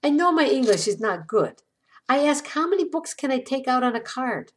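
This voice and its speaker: A woman's voice: sits high, big pitch swings, moderate pace, slight background noise, pitched above the performer's own voice. A woman voicing a polite older immigrant woman with an Eastern European accent who speaks with hesitant, careful phrasing. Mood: earnest.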